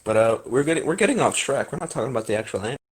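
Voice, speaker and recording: A man's voice: mid-range voice, sing-song, very fast, slightly rough. Young man, podcast co-host, casual chat, sarcastic, teasing, dry humor.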